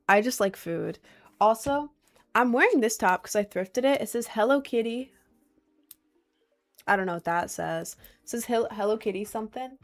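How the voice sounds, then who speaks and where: Chatty young woman livestreamer. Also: medium pitch. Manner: chatty, rambling, greeting viewers by name. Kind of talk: casual livestream chat.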